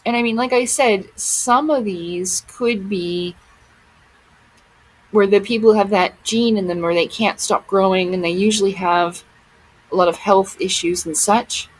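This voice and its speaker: Woman, vlogger, unhurried talk, exclaims in amazement, casual photo commentary. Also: medium pitch, rough recording.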